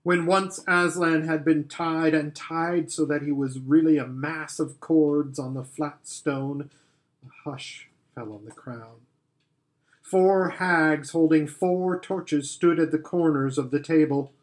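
Man reading a kids book aloud, slow and careful, voice a bit on the high side. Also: steady tone. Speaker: audiobook reader. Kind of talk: scripted story narration.

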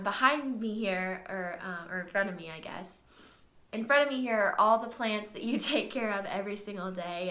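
A young woman giving a heartfelt birthday tribute to her father, reading from a list with soft laughs and a slightly tearful voice, in a sunroom at home. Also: mid-range voice. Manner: tender, reading from notes with frequent soft laughs. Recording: roomy echo in a sunroom.

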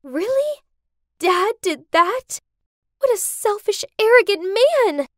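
A woman voicing Tracy, an earnest, principled young woman in an animated story. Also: extremely high pitch, measured pace, no echo, studio quality, heavily acted. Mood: outraged.

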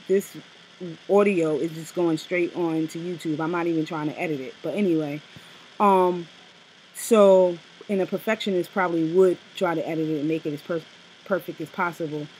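A woman co-hosting a casual review chat, blunt and animated, with slang and profanity. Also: lowish voice, a little fast, slight background noise, poor audio. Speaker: co-host reviewing a TV special.

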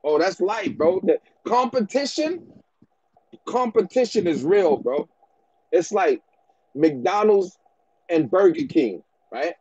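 A man's voice: sits high, big pitch swings, slow pace, long pauses, a little mellow, dull audio. Man ranting in slangy casual talk. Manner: slangy, repetitive, keeps adding "bro" and "man". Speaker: dog breeder giving business advice. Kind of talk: casual rant to camera.

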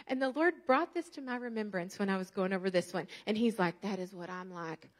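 A woman, preaching a sermon as a guest speaker and telling stories with lively rhetorical questions to the congregation. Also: a little high, fairly quick, few pauses.

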